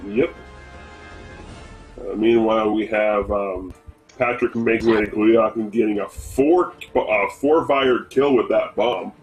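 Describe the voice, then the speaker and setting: This low-leaning male voice belongs to a co-commentator from the Northeast US, speaking slowly with fairly even intonation during casual speedrun commentary. He rambles with plenty of fillers and false starts while faint music plays behind him, and the recording is of poor quality.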